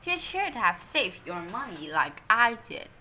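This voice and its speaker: A woman's voice: on the high side, big pitch swings, a little slow, sharp tone, slight background noise, heavily acted. A woman reading aloud and voicing a prim goody-goody little boy who shrieks and tattles. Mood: smug.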